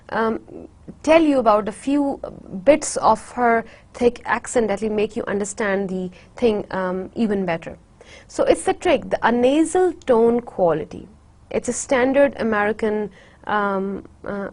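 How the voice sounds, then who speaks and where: A woman giving a university literature lecture, hesitant with many fillers, repeating words to demonstrate their sounds. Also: on the high side.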